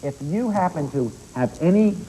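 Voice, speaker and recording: A man guests on a children's TV show as a pet expert, showing animals and putting questions to the kids. His tone is mellow and relaxed, with a faint background hiss. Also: on the high side, normal speed, rough recording. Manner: explanatory, addresses children directly with questions. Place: TV studio with children.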